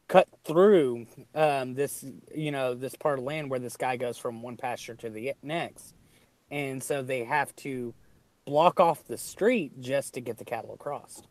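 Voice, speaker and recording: A man's voice: medium pitch, darkish tone, no echo. A man from the United States hosting a casual chat, rambling with many ums and hedges. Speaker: host.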